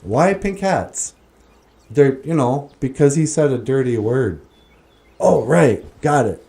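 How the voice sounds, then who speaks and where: Slow, mellow-voiced man joking around. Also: fairly high pitch, animated. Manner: joking, chuckles often, reads out comments. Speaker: host. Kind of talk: casual livestream chat.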